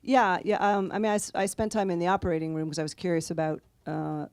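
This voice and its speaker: A woman author telling anecdotes in an interview, in a lively way and quoting the people she met. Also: on the low side, fast talker, no echo. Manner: animated anecdotal, quotes others with laughs. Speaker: author guest. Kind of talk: conversational interview storytelling.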